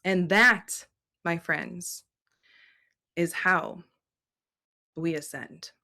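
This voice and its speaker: A woman's voice: lowish voice, vocal fry, pushed and bright, full character voice. A woman channeling a serene Earth mother spirit. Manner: slow, measured, solemn pronouncements. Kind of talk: spoken channeling.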